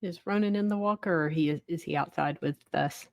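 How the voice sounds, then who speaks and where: Low-voiced woman playing a tabletop game. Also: brisk, gravelly, a little hiss or hum. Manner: describes her character's actions. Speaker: player. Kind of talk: casual chat at a game table.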